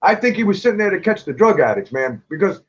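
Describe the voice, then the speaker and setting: A man with a high voice tells blunt, profane stories in a casual chat. The recording sounds dull and lo-fi, as if the top end was cut off. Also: very animated, fast talker. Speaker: guest, clothing designer.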